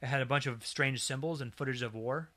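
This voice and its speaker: Man, co-host, bright tone, relaxed and dryly amused while telling a tale. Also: medium pitch, a little fast. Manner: relaxed, recounts a strange story with dry humor. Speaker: podcast co-host. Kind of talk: casual storytelling chat.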